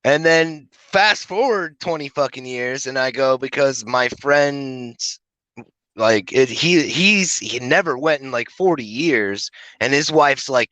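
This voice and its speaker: A middle-aged man co-hosting a podcast, telling rambling, profane anecdotes in casual chat and slipping into animated voices when he quotes people. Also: mid-range voice, a little slow, no room sound, rough recording. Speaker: podcast co-host. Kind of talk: crude casual storytelling.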